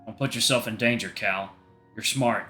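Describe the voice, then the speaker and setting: A man's voice: lowish voice, normal speed, sharp tone, soft background music. A man reading an earnest, protective young boyfriend. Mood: pleading.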